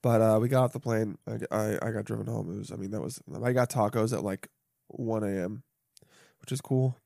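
A young man hosting a solo podcast, chatting casually and profanely, jumping between loud bursts and muttered asides. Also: on the low side, fairly even intonation, a little fast, creaky, no room sound, clean studio sound. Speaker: podcast host. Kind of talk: rambling solo podcast chat.

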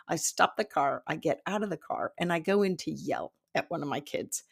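A woman in her fifties, a psychic development teacher, telling a personal story in casual talk, animated, laughing often and acting out what people said. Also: low-pitched, normal speed, vocal fry, breathy edge. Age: 50s. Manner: animated, laughs often, acts out quoted dialogue.

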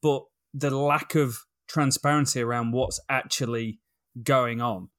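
A man's voice: mid-range voice, fairly even intonation, measured pace, a bit bright. A man co-hosting a cricket podcast, chatting casually and enthusiastically with his partner. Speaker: podcast co-host.

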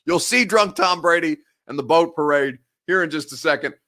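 Sports show host, male, fairly high and bright voice, rambling and jokey. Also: moderate pace, gravelly, few pauses. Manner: rambling, self-correcting, joking. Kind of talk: casual live-stream sports talk. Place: home studio.

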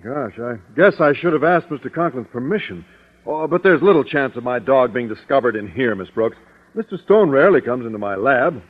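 An actor playing a shy, earnest science teacher. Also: male voice, medium pitch, expressive, fairly quick, lightly acted. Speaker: biology teacher. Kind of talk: 1950s radio sitcom acting. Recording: tinny old radio broadcast.

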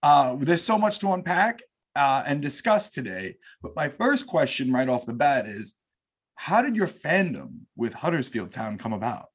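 A man's voice: medium pitch, sing-song, normal speed, breathy edge. A man with a New York accent hosting a casual podcast interview, effusive and welcoming toward his guest. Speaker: podcast host.

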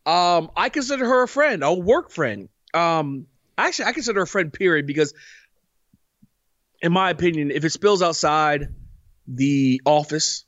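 A man co-hosting a podcast in casual chat, animated and emphatic, often repeating himself. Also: on the high side, no room sound, lo-fi sound. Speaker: podcast co-host.

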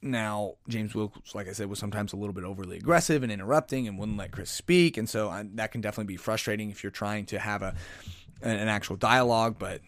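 A man's voice: on the low side, fast talker, fairly bright tone, no echo, studio quality. A man hosting a podcast, giving a casual solo commentary that rambles, with sighs, restarts and self-corrections. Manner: says he is aggressive and in your face. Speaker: podcast host.

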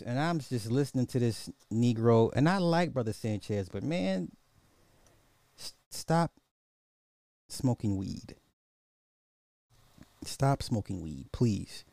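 A man's voice: mid-range voice, mellow, no room sound. A man hosting a casual social commentary podcast, repeating rhetorical questions in a mocking tone and chuckling now and then. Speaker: podcast host.

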